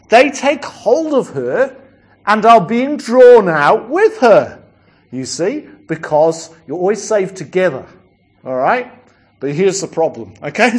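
A man preaching a sermon as a rambling storyteller, with many restarts and asides. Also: on the high side.

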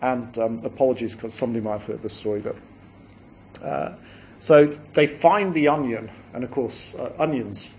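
A man's voice: mid-range voice, moderate pace, darkish tone, a little hiss or hum. A man preaching a sermon as a rambling storyteller, with many restarts and asides.

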